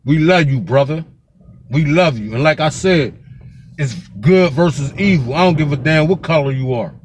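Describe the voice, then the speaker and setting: A man's voice: on the high side, moderate pace, slight background noise. A man from Pennsylvania giving a fiery, profane street vlog rant as a local commentator, with the same curse repeated throughout.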